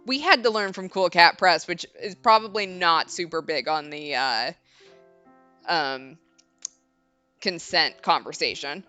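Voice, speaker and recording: A woman's voice: fairly low pitch, measured pace, pushed and bright, clean tone, soft background music. A woman hosting a let's play, chatting and joking casually over a visual novel. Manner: joking, chatty, laughs often. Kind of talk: casual game commentary.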